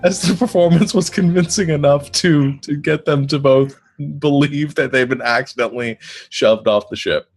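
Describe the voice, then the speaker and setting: A man narrating a tabletop game as game master, playful and laughing often. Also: on the high side. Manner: laughing often, playful, does quick character voices.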